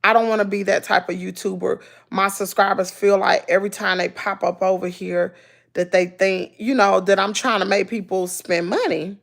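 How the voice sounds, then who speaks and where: A woman's voice: medium pitch, animated, moderate pace, gravelly, fairly bright tone. A woman with a Southern US accent chatting casually to her livestream viewers, folksy and preachy, repeating herself for emphasis. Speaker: YouTuber talking to live chat.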